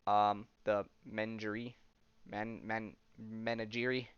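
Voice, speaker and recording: A man's voice: lowish voice, flat delivery, takes it slowly, fairly bright tone, clear, resonant tone, dry recording, highs cut off. A man hosting a podcast, recapping a comic in a rambling, swearing way and acting out the characters. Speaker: podcast host.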